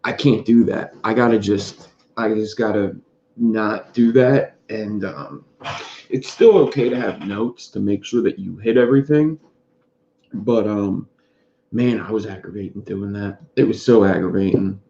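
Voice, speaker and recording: A man with a low, dark, gravelly voice rambles through a casual live stream and calls out chat viewers by name. The sound is dull and lo-fi, with a roomy echo behind him. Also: unhurried, a little hiss or hum. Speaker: vape reviewer streaming live. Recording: dull lo-fi sound in an echoey room.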